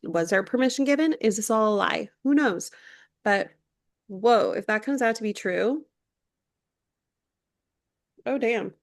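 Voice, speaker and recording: A woman's voice: fairly high pitch, lively intonation, unhurried, long pauses, no room sound, clean studio sound. A woman in her thirties, a podcast co-host, chatting casually and recapping reality TV gossip with lots of filler words. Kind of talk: casual chat.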